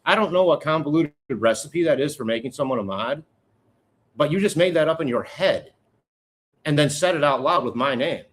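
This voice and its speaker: A man's voice: a little high, expressive, moderate pace. A middle-aged man hosting a casual live chat with viewers, talking in a rambling, candid way with joking asides. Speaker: livestream host.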